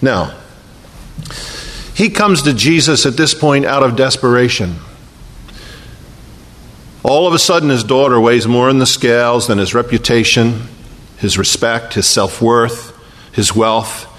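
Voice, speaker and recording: A man preaches to a congregation in a storytelling way. His voice sits at a middle pitch. He often sinks into a slow, hushed tone to press a point home, and his words ring out with the long reverb of a large church hall. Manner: storytelling, often dropping to a quiet slow hush for emphasis. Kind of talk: sermon. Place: church sanctuary.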